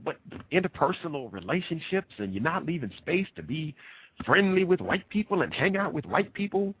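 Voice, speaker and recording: A radio host, worn out after a long week, talks with a husky edge and swings widely in pitch as he makes his points. He presses ideas home by repeating them. The sound is tinny and phone-like, with no room echo. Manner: lively, emphatic, repeats himself for effect. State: tired. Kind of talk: animated talk at a conference. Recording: tinny phone-like dry recording.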